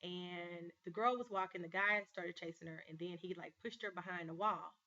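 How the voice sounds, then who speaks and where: A life coach hosting her own vlog show speaks straight to camera in an earnest, emphatic storytelling monologue. Her lowish voice comes at a moderate pace, pushed and bright, with the highs cut off.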